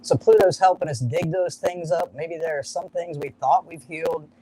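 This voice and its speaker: A man's voice: on the high side, moderate pace, mellow, low-quality recording. A man explaining an astrology chart in a live-streamed chat, indoors at a farm, with an upbeat, jokey, explanatory manner.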